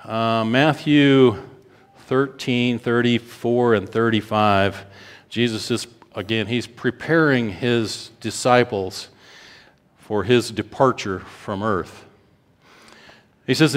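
A man preaching a sermon, reading scripture aloud with slow, drawn-out emphasis and lively swings in delivery. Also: medium pitch. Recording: long hall reverb.

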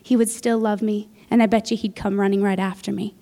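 A woman's voice: mid-range voice, little pitch movement, fairly quick, few pauses, mellow. A woman preaching a sermon, telling a personal story in an earnest way and acting out what she said back then. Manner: earnest, storytelling, acts out her own past words.

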